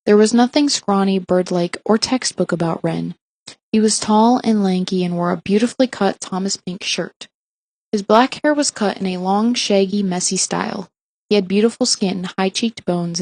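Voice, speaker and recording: A woman narrating fiction aloud in a mid-pitched voice. She reads evenly, with the odd slip and restart left in. The sound is dry and close, with no room around it. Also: moderate pace, no echo. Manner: even reading with small slips and restarts. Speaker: audiobook reader.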